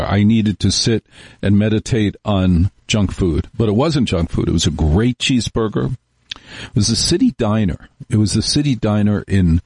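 Low husky male radio talk host. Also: a little mellow, no echo. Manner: rambling, wry, storytelling with acted-out quotes. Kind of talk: casual radio monologue. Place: radio studio. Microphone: studio microphone.

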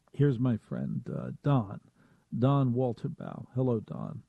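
A man hosting a radio talk show, rambling and self-mocking, with animated asides, in a studio. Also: medium pitch, takes it slowly, gravelly, no room sound.

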